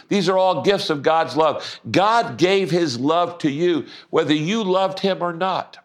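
A middle-aged man preaching a sermon, emphatic, slowing down to stress scripture. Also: medium pitch, fairly bright tone. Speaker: pastor.

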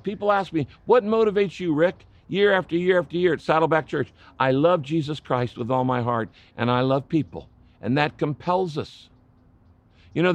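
Passionate older pastor preaching. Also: male voice, a little high, dry recording. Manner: passionate, swells in volume and pleads. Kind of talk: sermon.

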